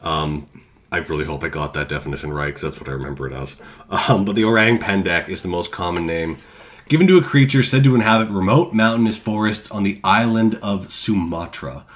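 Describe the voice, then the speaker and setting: A podcast co-host with a deep voice moves briskly through researched notes on cryptids. He reads casually and adds self-deprecating asides.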